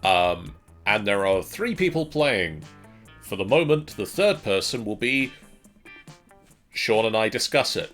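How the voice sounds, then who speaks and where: A man's voice: lowish voice, big pitch swings, a little slow, a bit bright, faint music behind. A man co-hosting a casual let's play, chatting hesitantly with many ums and restarts. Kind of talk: casual gaming commentary.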